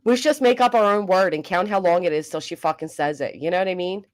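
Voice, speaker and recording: A woman's voice: on the low side, fast. A woman, hosting a casual livestream, reading comments and joking bluntly with swearing. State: coughing. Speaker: livestream host.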